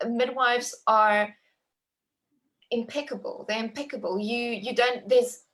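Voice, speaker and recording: A woman in her thirties telling a personal birth story in conversation, emotive and animated, talking with many likes and restarts. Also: on the high side, takes it slowly.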